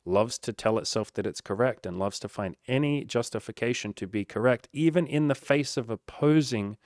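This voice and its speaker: A man's voice: medium pitch, normal speed, darkish tone, dry recording, studio quality. A man speaking candidly to camera, rambling and reflective, with emphatic, heavy swearing. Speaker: life coach and vlogger.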